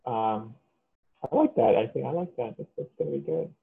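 A man's voice: mid-range voice, lively intonation, fairly quick, gravelly. A man co-hosting a casual podcast chat, easygoing and agreeable, drifting into fillers. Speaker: podcast co-host. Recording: tinny phone-like line.

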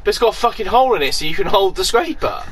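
A man's voice: sits high, racing, slightly rough. A man co-hosting a podcast, swearing freely and ranting jokily in casual banter. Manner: animated, sweary, jokey rants. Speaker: podcast co-host.

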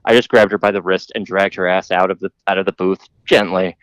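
Low-voiced man telling rambling stories. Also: fairly even intonation, a little fast, fairly bright tone, no room sound, low-quality recording. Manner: rambling, profane, lots of "like" fillers. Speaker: podcast host telling stories. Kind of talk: casual storytelling.

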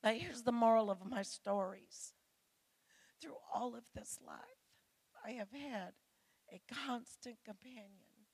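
A woman's voice: on the high side, slow, vocal fry, a little mellow, slightly rough. A middle-aged woman preaching a sermon to women, earnest and pleading as she speaks straight to her listeners.

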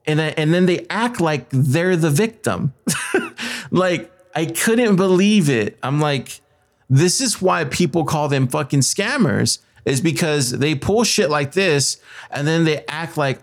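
A man's voice: fairly high pitch, expressive, a little slow. A man hosting a podcast, retelling a story in a heated, profane rant and acting out the other people's lines in quoted voices. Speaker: podcast host.

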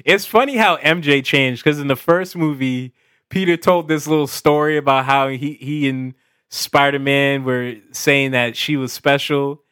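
A man's voice: mid-range voice, measured pace, fairly bright tone, clear, resonant tone, no room sound, studio quality. A man co-hosting a casual movie discussion, laughing often and acting out characters' lines. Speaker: podcast co-host.

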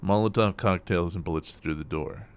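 A man voicing a fearless, reckless male hitman who talks loudly and laughs a lot. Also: deep voice, normal speed, clean tone, voice pushed down, lightly acted. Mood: amused. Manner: loud, laughing, gleeful shouting.

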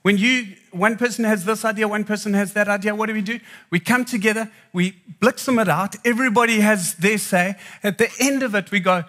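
Bright high-voiced man. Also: brisk, few pauses. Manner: joking, animated storytelling. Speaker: speaker. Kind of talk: humorous live talk on marriage.

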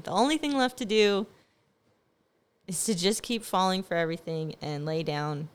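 A woman's voice: fairly low pitch, expressive, a little fast, clean tone. Rambling, sarcastic young woman. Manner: rambling, laughing, sarcastic, frequent swearing. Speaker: vlogger. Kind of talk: casual rambling monologue.

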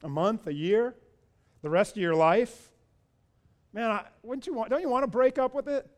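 High-voiced man preaching with rising intensity. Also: normal speed. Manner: builds to loud, repeated appeals; preaches with rhetorical questions. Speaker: pastor. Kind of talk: sermon.

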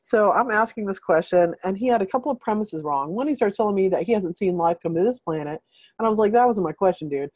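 A woman's voice: mid-range voice, quick pace, husky, dry recording. A woman hosting a group video call, telling a story in a rambling, casual way full of fillers. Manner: rambling, filler-heavy, animated retelling.

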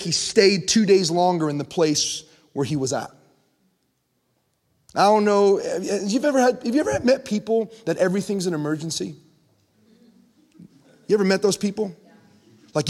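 A male pastor preaching a sermon, animated and joking as he tells stories and reads scripture aloud. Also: high-pitched, moderate pace. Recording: long reverb in a large hall.

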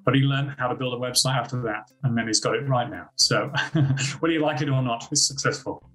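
A man with an Australian accent, a school principal telling lively stories as a podcast guest. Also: mid-range voice, brisk, soft background music, rough recording. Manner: animated anecdotes with acted-out quotes. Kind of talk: casual interview storytelling.

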